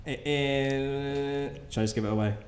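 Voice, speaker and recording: A man running a playful translation game with guests, quick and teasing, laughing often. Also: medium pitch, steady tone, echoey room, a crowd in the background. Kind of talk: casual playful chat.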